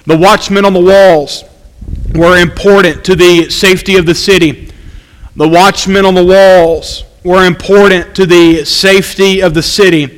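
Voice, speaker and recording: A man preaching an evening sermon, reading scripture aloud and slowly repeating his key points for emphasis. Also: high voice, steady tone, big-room sound, rough recording.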